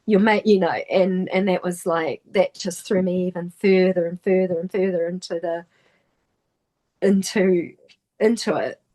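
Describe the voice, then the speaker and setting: A middle-aged woman with a New Zealand accent, a podcast guest recounting a personal story in halting speech full of restarts and trailing phrases. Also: lowish voice, fairly even intonation, warm tone.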